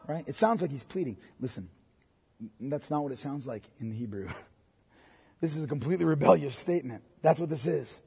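A male pastor preaching a sermon, swinging from hushed, low passages to loud, emphatic ones. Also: expressive, fast talker, creaky, breathy edge, long reverb tail.

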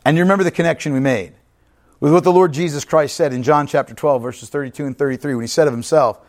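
A man's voice: a little high, fairly even intonation, fast. A man teaching through a Bible passage in a conversational way, often checking in with "right?" and "okay?" and sometimes restarting his words. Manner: earnest, restarts and stumbles over words. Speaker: pastor teaching Bible study.

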